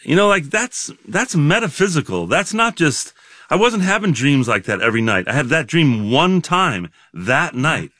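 A man's voice: on the high side, very animated, bright, forceful tone, no room sound, clean studio sound. Reflective man in his sixties. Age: 60s. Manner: halting, many fillers and restarts. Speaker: guest. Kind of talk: reflective interview talk.

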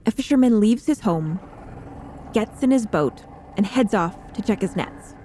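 Female host-narrator, mellow voice, suspenseful storyteller. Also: mid-range voice, lively intonation, normal speed, a little hiss or hum. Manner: vivid, suspenseful storytelling with casual asides. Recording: faint music underneath.

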